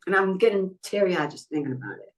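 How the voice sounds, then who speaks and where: A woman's voice: on the low side, sing-song, quick pace, low-quality recording. A middle-aged woman from New York telling a personal story in a podcast interview, acting out what other people said. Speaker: guest.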